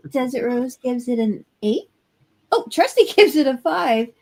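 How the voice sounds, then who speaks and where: Very high-voiced woman co-host. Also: very animated, slow, darkish tone. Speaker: co-host reading chat. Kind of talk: casual chat.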